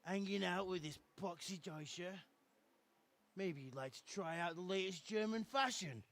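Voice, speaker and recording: An actor voicing a cocky young village troublemaker in a video game, taunting and mocking. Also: male voice, high voice, normal speed, a bit bright. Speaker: game character.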